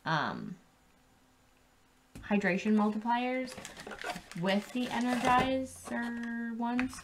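Young woman vlogger, unhurried, profane, rambly, faint background hiss. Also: medium pitch. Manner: laid-back, swears freely, rambling with many ums. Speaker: vlogger reviewing drinks. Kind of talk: casual profane vlog chat. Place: at home.

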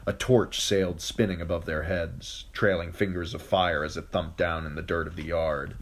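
A man narrating an audiobook chapter in a steady, even read. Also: low-pitched, normal speed, hardly any pauses. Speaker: amateur audiobook reader.

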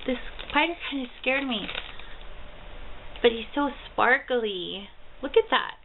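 A woman's voice: on the high side, a little slow. A woman in her thirties vlogging at home, gushing in a bubbly, easily delighted way over a package of gifts. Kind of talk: casual mail haul vlog. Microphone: built-in camera mic. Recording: tinny lo-fi camera audio with faint hiss.

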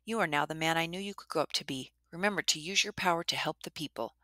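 A proud, wise old grandmother in a spoken storybook, voiced by a woman. She speaks softly in a low, bright voice. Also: fast talker, no echo, studio quality.

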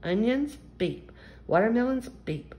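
Woman doing a brisk rabbit cashier. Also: a little high, expressive, mellow, voice pushed up. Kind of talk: storybook read-aloud.

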